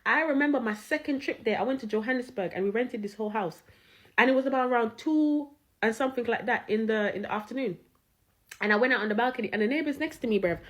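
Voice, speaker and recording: Woman, high voice, slangy storyteller who swears and laughs a lot. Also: lively intonation, quick pace. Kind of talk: animated storytelling.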